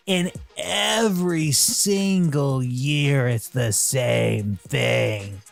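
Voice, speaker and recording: A man's voice: medium pitch, drawn-out words, vocal fry, faint music behind. A man co-hosting a casual podcast, teasing his partner with sarcastic complaints. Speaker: podcast co-host.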